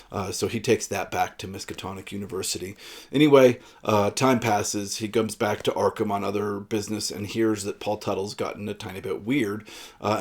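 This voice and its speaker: A man giving a casual, rambling book talk with frequent fillers. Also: fairly low pitch. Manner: relaxed, rambling with frequent uhs. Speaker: book reviewer.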